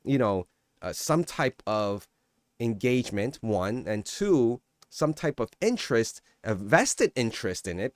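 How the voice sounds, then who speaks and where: A man's voice: mid-range voice, no room sound, clean studio sound. A man talking casually on his own vlog, rambling and getting worked up as he answers viewer comments. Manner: animated, rambling, defensive. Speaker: crypto YouTuber. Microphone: shotgun mic.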